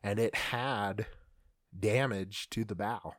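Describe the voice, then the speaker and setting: A man's voice: lowish voice, slow, no room sound, studio quality. A man co-hosting a podcast, casually retelling creepy history stories with fillers and stumbles. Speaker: podcast co-host. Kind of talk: casual storytelling chat.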